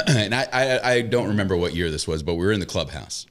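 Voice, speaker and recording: A man, a radio broadcaster guesting on a casual podcast, telling a story in a lively way with frequent laughter. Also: low voice, fast.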